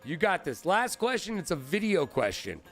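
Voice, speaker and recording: A man hosting a live-stream trivia game, excitable and profane, riffing with his chat. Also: sits high, moderate pace, faint music behind.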